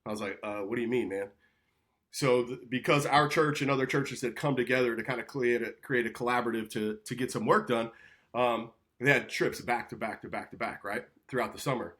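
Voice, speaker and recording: An animated man tells a story as a podcast guest. He talks casually, often checks in with "right?", and slips into the voices of the people he quotes. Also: medium pitch, fairly quick.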